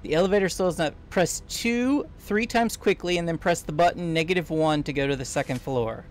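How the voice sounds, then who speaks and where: A man's voice: fairly high pitch, a little fast, slight background noise. Man bossily explaining puzzles over voice chat. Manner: explains puzzles, teasing and bossy. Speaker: gamer playing co-op. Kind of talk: casual gameplay chat.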